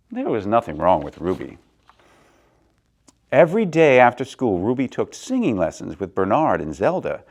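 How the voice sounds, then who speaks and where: A man reading a children's picture book aloud, swinging between soft and loud in an expressive way. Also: mid-range voice. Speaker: storyteller, theater director.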